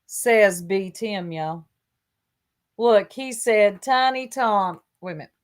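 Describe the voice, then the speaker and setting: A woman's voice: mid-range voice, takes it slowly. Sarcastic woman mocking a clip. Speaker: commentary streamer. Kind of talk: reaction commentary on a clip.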